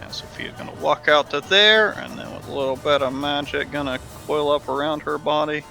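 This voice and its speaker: Gravelly bright-voiced man playing a tabletop game. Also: a little high, steady tone, fairly quick, faint music behind. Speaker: player. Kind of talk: describing his character's actions in a tabletop game.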